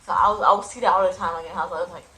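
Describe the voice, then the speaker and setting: A young woman casually telling her personal testimony into a phone, animated and prone to sudden loud outbursts, with uneven volume. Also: fairly low pitch, very fast, poor audio. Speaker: person giving a religious testimony.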